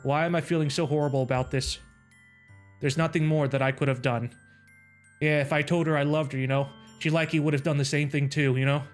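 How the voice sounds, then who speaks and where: A man's voice: a little high, steady tone, a little fast, faint music behind. A young man hosting a casual let's play, rambling emotionally with lots of "you know"s. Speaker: gaming channel host.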